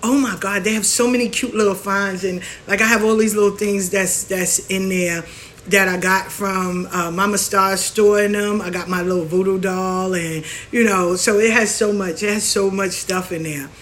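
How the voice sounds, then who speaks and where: A woman's voice: mid-range voice, steady tone, normal speed, fairly bright tone, slight background noise. A woman hosting her own show, talking frankly and animatedly in a casual monologue, mimicking other people as she rants. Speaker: spiritual practitioner and show host.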